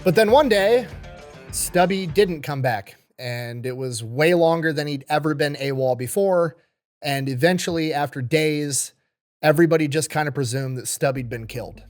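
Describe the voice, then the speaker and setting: A man's voice: on the high side, normal speed, soft background music. A man hosting a casual, comedic retelling of history in a profane, wisecracking, conversational way. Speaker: host.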